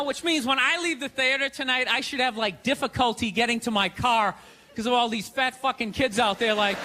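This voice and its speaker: A male stand-up comedian performing a sarcastic, ranting set on a theater stage, often breaking into shouts. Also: very high voice. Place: theater stage before a live audience. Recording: live theater recording with audience laughter and noise.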